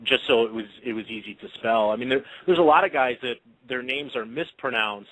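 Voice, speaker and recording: A man's voice: mid-range voice, brisk, fairly bright tone, dry recording, rough recording. A man co-hosting an online radio talk show, chatting with lots of fillers and hesitations. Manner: hesitant, many fillers, trailing off. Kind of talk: casual chat.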